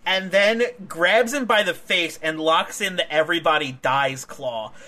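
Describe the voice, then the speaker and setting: A young man chats on a wrestling podcast, recapping a match move by move. His voice is a touch high and bright. He is excitable, laughs often and swears freely. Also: unhurried.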